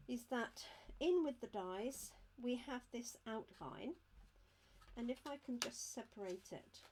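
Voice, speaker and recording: A woman's voice: mid-range voice, a little hiss or hum. A woman demonstrating craft supplies, chatting and explaining each step as she handles items at her craft desk. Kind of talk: live craft unboxing demo.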